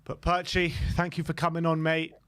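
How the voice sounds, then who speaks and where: Man, fan show host, friendly, slightly high voice. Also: monotone, moderate pace, fairly bright tone, clean tone.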